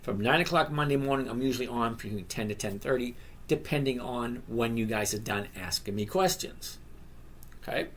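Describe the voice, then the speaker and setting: A man's voice: mid-range voice, slight background noise. A man in his sixties hosting a casual live stream, reading viewer questions aloud and answering each by name in a rambling, chatty way. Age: 60s.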